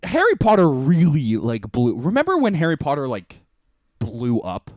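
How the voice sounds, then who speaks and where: A man's voice: fairly high pitch, wildly swooping pitch, moderate pace, a little mellow, dry recording, clean studio sound. A man co-hosting a podcast in casual, slangy banter, laughing often between lines. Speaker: podcast co-host.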